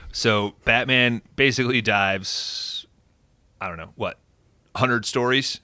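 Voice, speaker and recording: A man hosting a podcast, giving an excited, profane, casual recap of a movie plot. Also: medium pitch, slow, no echo. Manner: excited and profane, animated storytelling. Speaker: podcast host.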